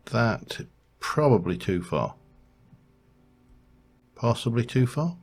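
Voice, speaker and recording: A man's voice: medium pitch, expressive, slow pace, a little mellow. A man thinking aloud as he narrates his building game, rambling and humming to himself as he works. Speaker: let's play host. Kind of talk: gameplay commentary.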